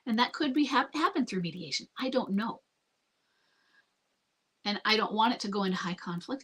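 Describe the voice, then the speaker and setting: A middle-aged woman answering questions in a live Q&A as a marriage coach. She talks calmly and earnestly and often repeats herself. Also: medium pitch, moderate pace, long pauses, breathy edge. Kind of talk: live Q&A advice.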